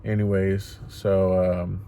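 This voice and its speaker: Young guy, low voice, tired but animated, swearing while he tells stories from his car; slight background hiss. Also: slow pace. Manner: animated retelling, swears freely, acts out quotes. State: tired after work. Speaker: rideshare driver and vlogger. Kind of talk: casual vlog storytelling. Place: inside a parked car.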